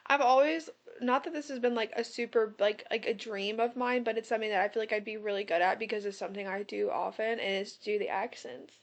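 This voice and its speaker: A young woman co-hosting a podcast, chatting casually in an energetic, playful way. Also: a little high, quick pace, few pauses. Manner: energetic, playful, slips into silly accents. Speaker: podcast co-host. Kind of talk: casual chat.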